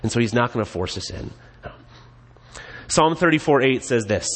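A man's voice: mid-range voice, lively intonation, moderate pace, pauses often. A man preaching a casual, joking, conversational sermon in a church sanctuary. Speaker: pastor. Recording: long reverb in a church hall.

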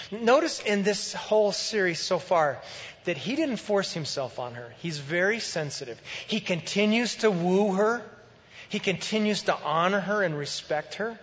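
A man preaching a sermon as pastor, in a conversational, animated way. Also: high voice, measured pace, in a large hall, lo-fi sound.

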